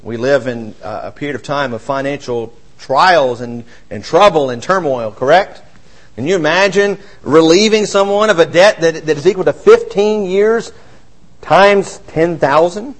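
High-voiced male preacher. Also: moderate pace, rough recording. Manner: expressive, swings between raised emphasis and quiet low asides. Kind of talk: sermon.

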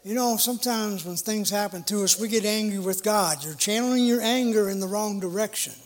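A middle-aged man preaching a sermon in an earnest, emphatic way, with a measured delivery. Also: high voice.

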